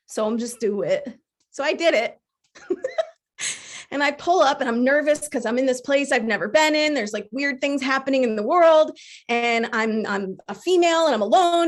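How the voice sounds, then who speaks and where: A woman in her forties telling a personal story to an audience, acting out her own inner voices with lively, animated delivery. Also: high voice. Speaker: speaker sharing a personal story. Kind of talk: storytelling talk.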